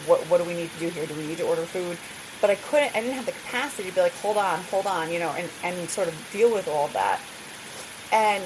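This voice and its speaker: A middle-aged woman hosting a podcast, talking candidly and casually, laughing often and filling her talk with "like" asides. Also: fairly low pitch. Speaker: podcast host. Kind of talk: candid solo podcast chat. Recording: hissy recording.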